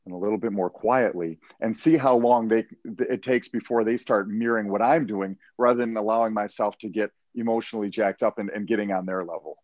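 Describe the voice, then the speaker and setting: Negotiator guest: steady, explanatory man, dry close sound, a bit dull and lo-fi. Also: fairly low pitch, dry recording. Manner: measured, explanatory, repeats words at starts of phrases. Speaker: hostage negotiator and professional speaker. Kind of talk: podcast interview.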